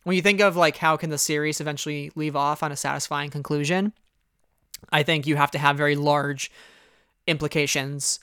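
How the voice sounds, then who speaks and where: A podcast co-host chatting casually in a fan recap, animated and rambling, with lots of "you know" and "like". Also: medium pitch, brisk, clean tone, no echo, clean studio sound.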